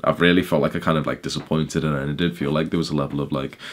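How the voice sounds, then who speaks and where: Young guy vlogging quick, deep low voice, loads of likes and swearing, just telling a story. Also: fairly even intonation. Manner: fast, chatty, swearing, lots of "like" fillers. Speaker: YouTuber. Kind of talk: casual vlog storytelling.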